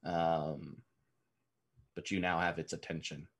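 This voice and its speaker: A man running a tabletop game as game master, describing scenes softly and unhurriedly with many pauses and ums. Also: sits low, little pitch movement.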